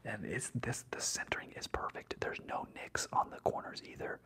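Opening trading card packs on an ASMR livestream, a young man whispers at a normal speed. His manner is slangy and excited, and every so often he breaks out in loud hype.

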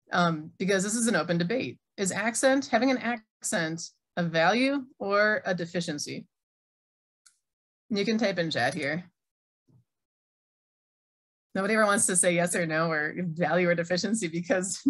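A middle-aged woman from Minnesota with an American accent, giving a conversational keynote talk and reading audience chat replies aloud. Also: medium pitch. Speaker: keynote speaker, Arabic teacher. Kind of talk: online conference keynote.

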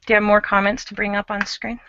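A woman's voice: medium pitch, completely flat delivery, quick pace, muffled recording, crowd noise. A woman co-hosting a live craft show, chatting casually and explaining her work as she goes, with a self-mocking humor.

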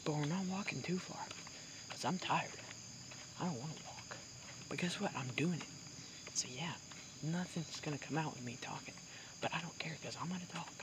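Out in the woods, a hunting vlogger speaks to his audience, dropping to a whisper as he stalks, with long pauses between his words. His medium-pitched voice moves at a normal speed over the constant noise of crickets and insects.

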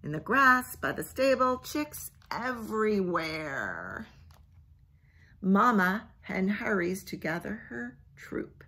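Slow, breathy woman reading a bedtime story. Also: medium pitch, big pitch swings. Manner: gentle, coaxing, asks children questions; drops to a hushed near-whisper. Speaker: children's librarian. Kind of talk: bedtime picture-book read-aloud.

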